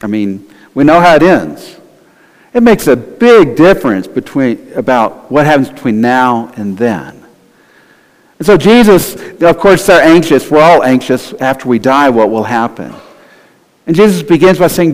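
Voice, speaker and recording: A man's voice: medium pitch, very animated, unhurried. A male pastor giving a conversational sermon in a church, sometimes acting out quoted voices. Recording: long hall reverb.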